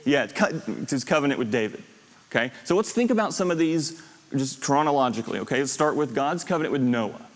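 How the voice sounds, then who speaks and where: A man's voice: medium pitch, animated, fast talker. A man teaching a Bible class, explaining step by step, recapping lists and putting questions to his students. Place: classroom or church hall with students. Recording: long reverb of a hall.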